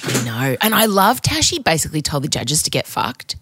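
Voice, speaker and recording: A woman co-hosting a podcast in casual chat, animated and swearing freely, often mimicking people. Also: deep voice, fairly quick, noisy background. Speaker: podcast co-host.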